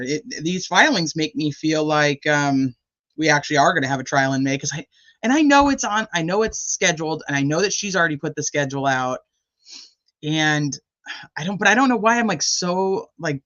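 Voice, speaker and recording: A woman's voice: deep voice, lively intonation, moderate pace, a bit bright. Woman, live-stream host, rambling casual chat, greets viewers, muffled lo-fi audio. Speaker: livestream host.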